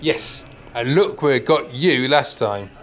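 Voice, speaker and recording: A man's voice: mid-range voice, animated, unhurried. A man playing a timid, pedantic pensioner in a comedy sketch, fussy and meek.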